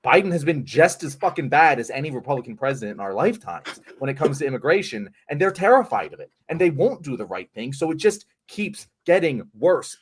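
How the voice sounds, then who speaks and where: A young man in a heated political chat, his voice somewhat high and husky. He rants with an angry, emphatic edge, swearing and jumping around in pitch as he drives his points home.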